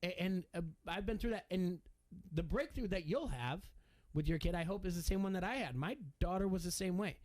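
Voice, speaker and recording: Middle-aged sports radio guy, rambling, lots of restarts, slightly high voice. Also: a little fast, darkish tone. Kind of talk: casual sports talk.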